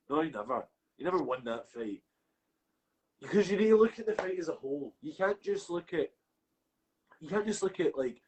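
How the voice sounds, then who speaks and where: A man's voice: on the high side, darkish tone, low-quality recording. A Scottish man co-hosting a podcast in casual chat, swearing a lot and ranting with heat. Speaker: podcast co-host.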